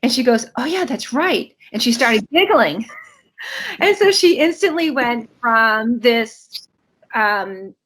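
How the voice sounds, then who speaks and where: A middle-aged woman, a guest in an interview, telling an animated story and acting out the voices of the people she quotes. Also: on the high side. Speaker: guest, camp co-founder.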